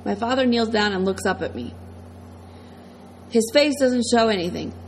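A woman reading a first-person audiobook in a steady, plain storytelling manner. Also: fairly high pitch, moderate pace, slight background noise, low-quality recording. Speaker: audiobook narrator.

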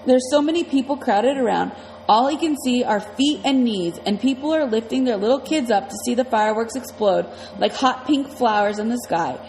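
A woman's voice: a little high, normal speed, darkish tone, in a large hall, a little hiss or hum, low-quality recording. A woman reading a novel aloud in the first person, in a casual, slangy storytelling manner. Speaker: audiobook narrator.

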